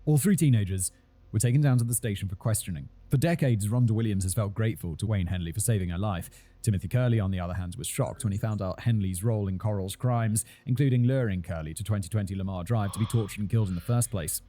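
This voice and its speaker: A man narrating a true-crime video in a measured, scripted storytelling delivery. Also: lowish voice, dark tone.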